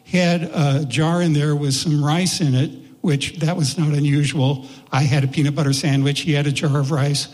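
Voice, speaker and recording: A man telling a personal story in a folksy, unhurried way, voicing the people in it. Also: a little high, steady tone, a little mellow. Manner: folksy, unhurried, with voiced quotes. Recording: long hall reverb.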